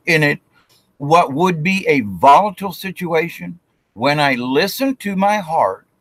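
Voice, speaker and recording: A man's voice: mid-range voice, fairly bright tone, no room sound. A man giving a casual spiritual talk, rambling with restarts and acting out quotes of himself and others.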